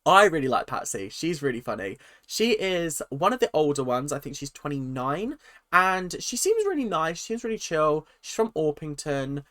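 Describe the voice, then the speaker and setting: A man, chatting through a casual, opinionated rant vlog full of lively asides. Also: a little high. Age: 20s. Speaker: vlogger.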